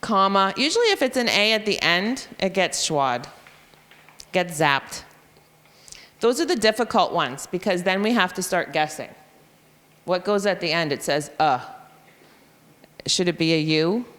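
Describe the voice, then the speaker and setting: A woman's voice: lowish voice, animated, a bit bright. Woman teacher explaining phonics, reverberant hall. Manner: explanatory, spells out letters and sounds slowly. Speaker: reading intervention teacher. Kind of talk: professional development presentation. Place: school room or hall.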